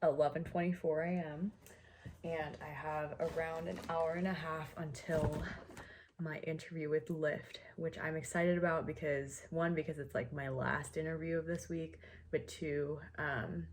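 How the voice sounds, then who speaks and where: A woman's voice: sits low, level tone, measured pace, a little hiss or hum. A young woman talking casually to camera in a vlog, chatty and a little nervous, with many fillers. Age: young adult. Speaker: vlogger.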